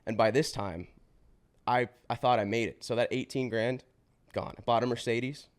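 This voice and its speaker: A man's voice: medium pitch, steady tone. Slangy young man telling his story. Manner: slangy and swearing, says bro and dude; fast run-on telling with restarts. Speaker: podcast guest. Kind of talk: casual storytelling interview.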